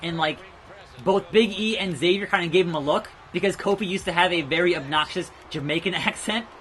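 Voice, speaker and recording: A young man giving rambling let's play commentary, chatting about wrestling news and reacting loudly to the game as he plays. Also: high voice, fairly quick. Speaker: gaming YouTuber.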